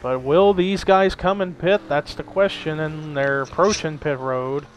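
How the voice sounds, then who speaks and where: A young man giving amateur play-by-play commentary on a simulated race, steady and given to hedging. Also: on the high side, measured pace, slight background noise, rough recording. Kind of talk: amateur sim-racing commentary.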